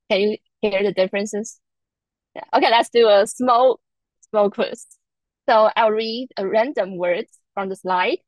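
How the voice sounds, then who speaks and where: A woman's voice: mid-range voice, dry recording, low-quality recording. A woman from Taiwan, a native Mandarin speaker, teaching Chinese tones in a live online lesson, patiently repeating each example. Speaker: Chinese language instructor.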